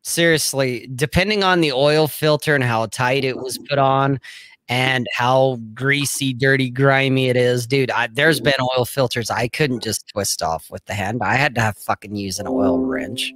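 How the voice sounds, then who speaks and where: A man's voice: medium pitch, steady tone, normal speed, fairly bright tone, no room sound. Blunt, swearing middle-aged man. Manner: blunt, profane, rambling. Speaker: co-host. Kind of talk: casual chat.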